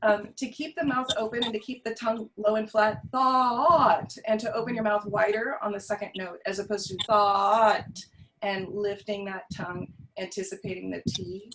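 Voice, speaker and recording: A woman's voice: medium pitch, fairly even intonation, a little fast, few pauses, slight background noise, rough recording. A choir director with a Californian accent explains her teaching on a video call. She talks in a thoughtful way, with many ums and restarts.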